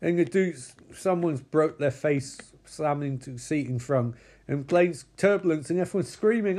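A man with a high voice, casually recapping a film scene by scene. He bursts into the characters' lines, swears freely and climbs into shrill yelps at the exciting moments. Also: moderate pace. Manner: animated, acts out characters' lines, swears a lot. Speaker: film commentator.

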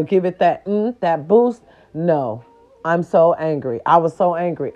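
A woman's voice: lowish voice, mellow, highs cut off. Sassy, fired-up woman ranting to viewers. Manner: sassy, profane and emphatic, talks straight to viewers. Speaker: vlogger. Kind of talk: casual ranting monologue.

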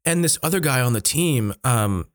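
A man's voice: mid-range voice, moderate pace. Man podcast host with a mid-range voice, loose and chatty, laughs through his stories. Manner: relaxed, laughs while telling anecdotes; frequent likes and restarts. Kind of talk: casual podcast interview.

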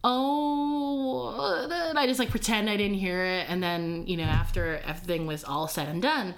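A young adult woman telling a personal story in a casual podcast chat, halting with fillers and laughing often. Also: fairly low pitch, slight background noise. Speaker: guest storyteller. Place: Chicago-based.

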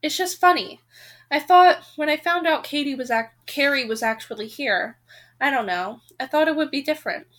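A woman's voice: high voice, normal speed, a bit bright. A woman voicing a shy, earnest teenage boy who speaks hesitantly and apologetically. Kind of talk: audiobook-style reading aloud.

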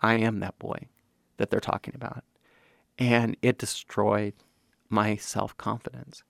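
Actor in his 50s, from Kansas City, emphatic interviewee, gravelly and low. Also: flat delivery, measured pace, a bit bright, no room sound, studio quality. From Kansas City, USA. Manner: emphatic, acts out quoted voices. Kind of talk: candid interview.

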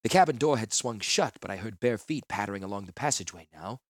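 A man narrating a first-person fantasy novel in a measured, earnest way. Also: on the low side, expressive, no room sound, studio quality. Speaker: audiobook narrator.

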